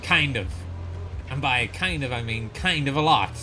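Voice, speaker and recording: With soft music in the background, a young man streams gameplay and vents in casual commentary. His medium-pitched voice is expressive and sharp in tone at a moderate pace, and he rambles, swears heavily, and sounds exasperated.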